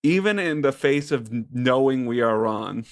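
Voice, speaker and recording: A man co-hosting a podcast, chatting casually with dry, relaxed joking. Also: medium pitch, normal speed, no echo. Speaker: podcast co-host.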